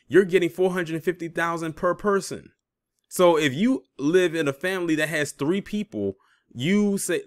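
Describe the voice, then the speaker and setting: A man hosting his own commentary channel, reading news aloud and breaking in with sarcastic, emphatic remarks. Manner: sarcastic, emphatic, rising pitch when stressing points.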